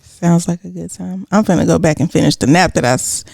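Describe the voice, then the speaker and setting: A man's voice: on the high side, fairly quick, gravelly, a little mellow, no echo, clean studio sound. A man with a Southern Texas country accent co-hosting a podcast, laid-back and slangy in casual chat. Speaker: podcast co-host.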